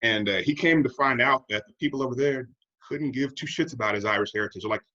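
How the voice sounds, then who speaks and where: An American man co-hosts a podcast in casual conversation, reflective and wry, acting out other people in a raised voice. His mid-range voice is fast, bright, and forceful, and the recording has its highs cut off.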